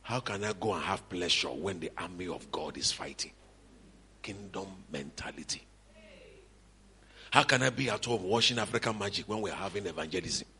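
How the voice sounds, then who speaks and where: A middle-aged man with a Nigerian accent preaching a lively sermon at a church conference, shouting at times and slipping into Yoruba asides. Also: low voice, normal speed, slight background noise.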